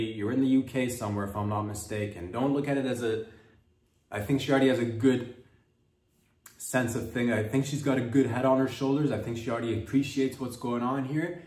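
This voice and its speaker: A man's voice: medium pitch, a little mellow, distant mic. A man hosting a comedy podcast, delivering a playful, rambling monologue and slipping into mock accents. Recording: roomy sound from off-mic.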